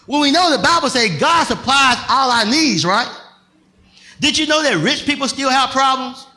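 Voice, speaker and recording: Man, pastor, sermon, very high voice, lively swooping delivery, shouts and laughs. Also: moderate pace. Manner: preaching with rising shouts and laughter, colloquial.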